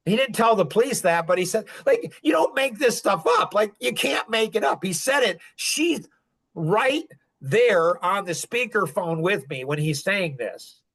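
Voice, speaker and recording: A man's voice: high-pitched, animated, unhurried, gravelly, a bit bright. A middle-aged man speaking intensely in an emotional podcast conversation, rising to angry outbursts. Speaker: podcast guest sharing his story.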